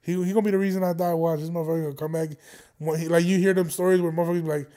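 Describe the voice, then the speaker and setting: High-voiced young man rambling and laughing. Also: steady tone, rapid-fire, a little mellow. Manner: rambling, profane, laughs often between jokes. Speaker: vlogger. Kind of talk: casual rambling monologue.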